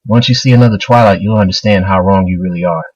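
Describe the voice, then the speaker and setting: A man voicing a ruthless young woman fighter, speaking low, quiet and cold. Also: quick pace, husky, no echo, far from the mic, lo-fi sound.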